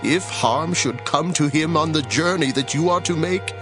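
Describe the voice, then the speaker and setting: An actor playing an aged, grieving father in a dramatized scripture reading, with a slow, sorrowful delivery. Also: a little high, close to an everyday voice. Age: older. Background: backing music.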